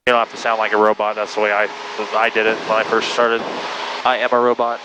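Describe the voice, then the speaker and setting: Flight instructor coaching over engine noise. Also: male voice, fairly low pitch, quick pace. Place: small airplane cockpit. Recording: steady engine noise in cockpit.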